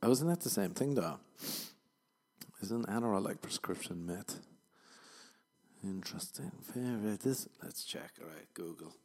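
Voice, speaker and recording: A man's voice: on the low side, animated, measured pace, darkish tone. A man hosting a podcast, rambling through a comedic monologue full of swearing and self-mocking jokes. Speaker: podcast host.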